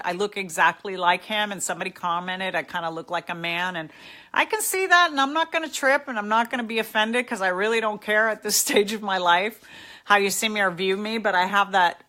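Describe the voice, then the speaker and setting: A woman's voice: mid-range voice, bright, forceful tone. A middle-aged woman hosting a live chat, answering viewers' comments in a heartfelt, emotional and encouraging way. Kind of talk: live casual talk, reading out comments.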